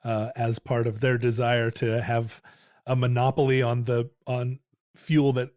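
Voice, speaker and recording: A man in casual podcast conversation who asks curious questions and drops dry one-liners. His pitch is middling for a man. The recording is close and dry. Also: little pitch movement, a little slow, a little mellow, no echo. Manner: inquisitive, dry wisecracks. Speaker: podcast co-host.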